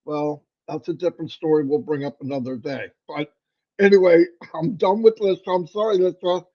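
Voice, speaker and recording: A man co-hosting a casual livestream, playfully teasing people in a voice that sits on the higher side. His sound comes through a muffled video-call line. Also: fairly even intonation, normal speed. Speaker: livestream co-host.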